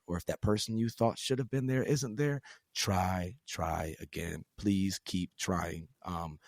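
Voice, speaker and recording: A man hosting a podcast, talking emphatically in a casual, rant-like way, jumping between loud and quiet. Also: dry recording, clean studio sound. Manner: emphatic, rant-like with big swings in pitch and loudness; casual slang. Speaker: podcast host. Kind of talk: motivational podcast conversation.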